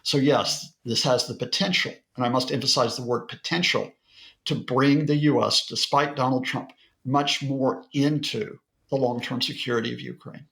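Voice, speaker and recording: A man speaking as a professor and guest analyst, his mid-range voice carrying a gravelly edge. He explains at length in a lecture-like way and lets a few fillers slip in. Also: mid-range voice, fairly even intonation, moderate pace, a bit bright. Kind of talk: broadcast interview.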